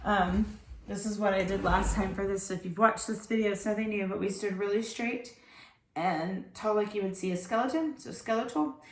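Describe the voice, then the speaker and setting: A woman's voice: mid-range voice, normal speed, slight background noise. A tired woman tutor chatting her way through a lesson, explaining each step to other parents. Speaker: homeschool tutor. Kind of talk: casual instructional video.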